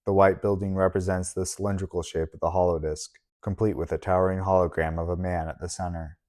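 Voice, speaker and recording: A man narrating an audiobook in a very low, deep voice. His reading is steady and measured, paced for a story.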